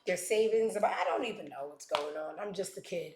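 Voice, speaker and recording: A woman's voice: lowish voice, fairly quick, a little mellow, a little hiss or hum. A woman hosting a commentary show, talking bluntly and sarcastically with plenty of profanity. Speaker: show host. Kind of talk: casual commentary. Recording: echoey room.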